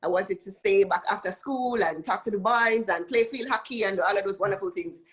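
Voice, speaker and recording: A woman's voice: mid-range voice, brisk, slightly rough. A woman from Jamaica with a Jamaican accent, a singer chatting as a guest and telling stories with acted-out quotes. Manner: animated storytelling, acts out quoted voices. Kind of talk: casual interview chat.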